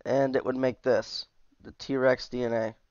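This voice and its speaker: A tired man rambles cheerfully through a game mod walkthrough with plenty of asides. His voice is smooth and clear at a middling pitch. The sound is dry and close, a little dull on top. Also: level tone, measured pace, a little mellow, dry recording. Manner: chatty, easygoing, with asides and trailing off. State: tired, yawning. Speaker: mod reviewer. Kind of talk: casual gameplay commentary.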